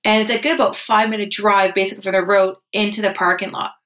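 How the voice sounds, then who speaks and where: A woman's voice: mid-range voice, flat delivery, fast talker, fairly bright tone. Chatty woman co-host telling stories. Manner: chatty storyteller, many "like"s. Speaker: podcast co-host. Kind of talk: casual chat.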